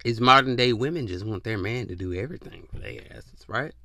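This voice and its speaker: A man hosting a podcast, ranting in a casual, profane, animated way and slipping into mock voices. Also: on the low side, fairly quick, creaky, no room sound, clean studio sound. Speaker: podcast host. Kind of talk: casual opinion rant.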